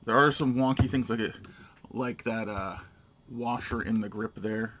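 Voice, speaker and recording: Man, bright voice, terse step-by-step demo, faint hiss behind. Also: fairly low pitch, steady tone, measured pace. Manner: matter-of-fact, terse step-by-step narration. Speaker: gun reviewer. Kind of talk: casual hands-on product demo.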